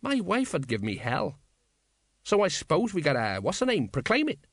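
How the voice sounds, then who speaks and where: A narrator putting on an anxious middle-aged sergeant who blusters to calm himself and others. The delivery is lively in pitch, on a dry, close mic. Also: male voice, normal speed, no room sound, full character voice. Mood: nervous.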